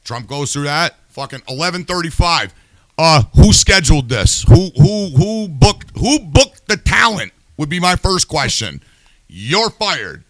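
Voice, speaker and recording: A man's voice: a little high, expressive, unhurried, fairly bright tone, no echo. A man hosting a podcast, ranting in a heated, profane, casual way. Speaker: podcast host.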